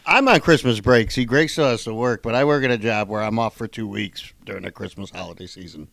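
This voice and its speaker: A man's voice: lowish voice, fairly quick, gravelly, fairly bright tone, no room sound. A man co-hosting a podcast, teasing his friend in a dry, casual way. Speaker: podcast co-host. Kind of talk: casual chat.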